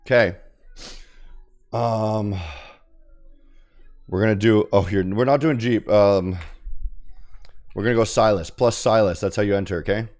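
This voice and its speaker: A man's voice: fairly low pitch, unhurried, long pauses, darkish tone. A man streaming his day trading in a loose, casual way, tossing in "okay?" and "right?" and swearing now and then. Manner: swears casually, restarts and repeats. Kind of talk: casual live-stream commentary.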